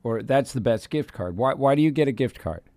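A man's voice: mid-range voice, lively intonation, fairly quick, a little mellow, no echo. A man in a casual radio talk show chat, asking questions bluntly.

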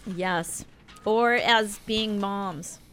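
A woman's voice: medium pitch, drawn-out words, fairly bright tone, slight background noise. A woman hosting a radio talk show, chatting upbeat with lots of fillers. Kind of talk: casual radio chat.

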